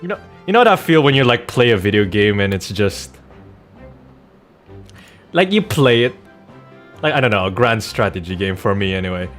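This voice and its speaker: A man rambling casually between game scenes, filling his sentences with "like" and drifting off into laughing asides. His voice sits low but jumps lively up and down as he gets going. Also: normal speed, long pauses, soft background music. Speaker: game streamer and voice dubber. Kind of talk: casual gameplay chat.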